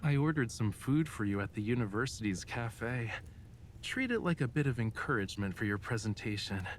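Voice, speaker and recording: A man's voice: medium pitch, lively intonation, normal speed, a little hiss or hum, lightly acted. A man voicing a young male professor in a game, leaving a caring voice message.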